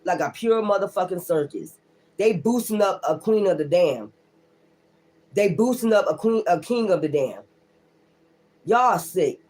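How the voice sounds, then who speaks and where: A woman's voice: on the low side, lively intonation, measured pace, pauses often, a little mellow. A woman tarot reader holding forth on a casual livestream, blunt and heavy with profanity. She talks with firm emphasis and circles back to the same defiant lines again and again. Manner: defiant, repeats her points.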